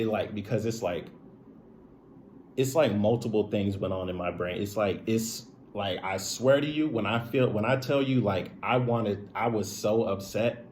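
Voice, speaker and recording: A man's voice: on the low side, slight background noise. A young man telling a personal story to camera in a rambling, candid way, full of "like" and "right?". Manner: rambling, heavy use of "like" and "right?"; earnest, candid and confiding. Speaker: streamer and video creator.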